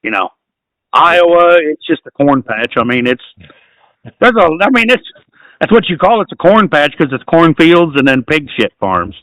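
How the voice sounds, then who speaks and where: A man from Southwest Missouri with a local accent, co-hosting a casual podcast, agreeable and quick to say yeah, swearing freely. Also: fairly high pitch, sing-song, a bit bright, no echo, poor audio. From Southwest Missouri, USA. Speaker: podcast co-host. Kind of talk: casual live podcast chat.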